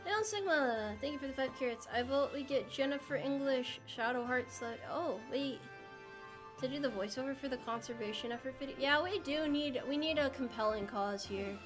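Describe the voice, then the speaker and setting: A woman's voice: sits high, moderate pace, music in the background. A young American woman streaming a game, chatting playfully with her viewers in a rambling way. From United States. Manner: playful, rambling, answers chat. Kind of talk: casual live-stream chat while gaming.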